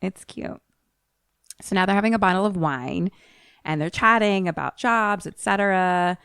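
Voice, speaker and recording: A woman's voice: medium pitch, normal speed, vocal fry, a bit bright, clean tone, no room sound, clean studio sound. A woman with a mixed American accent, a podcast co-host retelling a film plot in a loose, rambling way, full of quoted lines. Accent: mixed American, a little Philly and Maryland. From United States. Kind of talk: casual chat.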